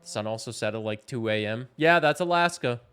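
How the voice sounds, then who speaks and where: A man's voice: mid-range voice, expressive, a little fast, a bit bright, clear, resonant tone. A young man from Canada chatting casually and joking while playing a game at home. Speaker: streamer. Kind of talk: casual gameplay commentary. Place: home, indoors. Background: game music.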